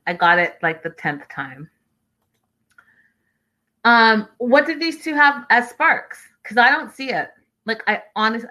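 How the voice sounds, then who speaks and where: A woman host chatting on a casual livestream with a bright, forward voice. She talks to her viewers directly and reacts to their comments in an animated, gossipy way. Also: on the high side, takes it slowly, pauses often, poor audio. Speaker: livestream host reading chat. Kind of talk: casual reality-show recap livestream.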